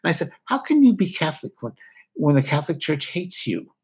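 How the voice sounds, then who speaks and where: A man's voice: fairly high pitch, sing-song, a little fast, slightly rough. Candid man telling his story, muffled audio. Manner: reflective, frank, often self-interrupting. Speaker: guest author. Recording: slightly dull lo-fi audio.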